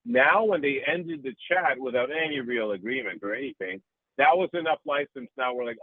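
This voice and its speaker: Casual interview guest: husky, animated man, dry tinny phone-like sound. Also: medium pitch, moderate pace, no room sound. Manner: animated, profane, rambling.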